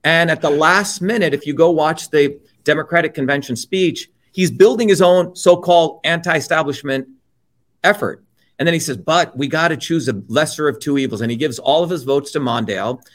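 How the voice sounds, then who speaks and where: A man's voice: on the high side, fairly bright tone. A middle-aged man from India, an interview guest delivering a heated political monologue, blunt and profane, with mocking asides.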